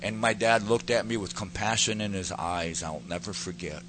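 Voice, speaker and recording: A man's voice: deep voice, little pitch movement, normal speed, few pauses, background noise. A man giving an earnest personal testimony that turns into preaching, building to emphatic peaks as he speaks to a pastor.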